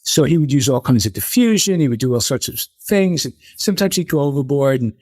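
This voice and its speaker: An older man, a guest in an interview, telling animated stories and acting out the people he quotes. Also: medium pitch, a little fast, no echo, studio quality. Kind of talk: conversational interview storytelling.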